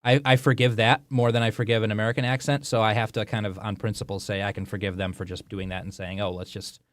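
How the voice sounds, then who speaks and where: A man co-hosting a live talk show in casual chat, relaxed and reflective, trailing off softly. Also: lowish voice, quick pace, dry recording, clean studio sound.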